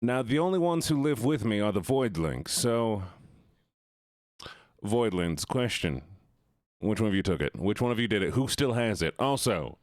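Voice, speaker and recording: A man's voice: on the low side, very animated, normal speed, no room sound, clean studio sound. A man streaming games who chats playfully and goofily with his viewers. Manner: playful, goofy, talks to chat. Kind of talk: casual live-stream chat.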